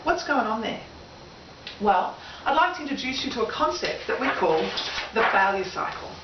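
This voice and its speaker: Australian woman presenter, fairly high voice, engaging seminar style; roomy, distant, dull camera sound. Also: moderate pace, background noise. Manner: lively, engaging, asks audience questions. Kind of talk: motivational seminar talk. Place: room with an audience.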